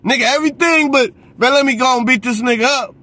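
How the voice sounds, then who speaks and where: Man ranting, high and heated. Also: fast talker, bright, forceful tone. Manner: profane, repeats a catchphrase, mocks others in put-on voices. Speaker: boxing commentator. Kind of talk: heated rant.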